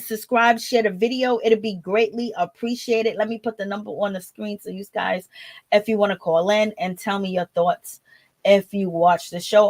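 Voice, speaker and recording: A woman's voice: mid-range voice, dry recording. A woman hosting a call-in channel, recapping a reality show in a chatty, casual way and talking straight to her viewers. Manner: chatty, with many fillers, speaks straight to viewers. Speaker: host of a call-in commentary channel.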